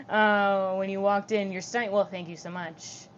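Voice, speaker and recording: A young woman with vocal fry chatting on a livestream, reading comments out loud and answering them in a giggly, casual way. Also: mid-range voice, steady tone, moderate pace, muffled recording, a little hiss or hum.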